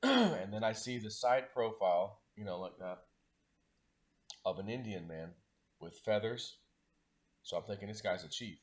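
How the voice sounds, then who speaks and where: Guy with a lowish voice rambling casually thru a story, lots of like and you know. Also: very animated, a little slow, long pauses. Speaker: spiritual vlogger.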